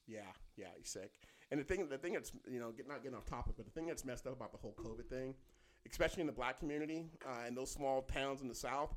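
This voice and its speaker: Animated storytelling man in his fifties. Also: medium pitch, fast talker. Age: 50s. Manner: animated, acts out quotes in a raised voice, swears freely. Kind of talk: casual storytelling chat.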